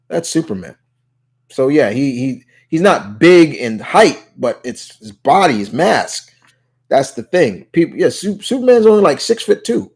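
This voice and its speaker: A man with a medium-pitched, somewhat dark voice hosts a live Q&A stream, chatting casually. He reads viewer questions aloud and answers in a rambling way, restarting often and saying "you know" a lot.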